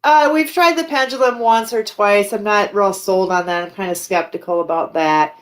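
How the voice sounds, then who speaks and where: A woman's voice: mid-range voice, moderate pace. A woman who owns a haunted house, telling her ghost-hunting stories in a casual chat with lots of fillers and restarts. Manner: chatty, many fillers and restarts. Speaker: haunted house owner and paranormal investigator. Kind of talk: casual storytelling interview.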